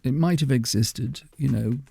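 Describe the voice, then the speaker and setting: Gravelly-voiced older man. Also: mid-range voice, normal speed, dark tone, no echo. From England. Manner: chatty storyteller, laughs often. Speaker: radio guest, musician. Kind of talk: anecdotal radio conversation.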